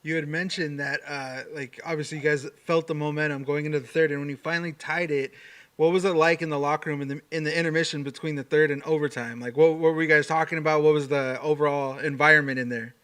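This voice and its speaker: A male podcast host asks his questions casually, with "like" and "uh" between words. His voice sits a little higher than most men's. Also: steady tone, fast talker, a bit bright, clear, resonant tone. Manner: casual, uses "like" and "uh" fillers.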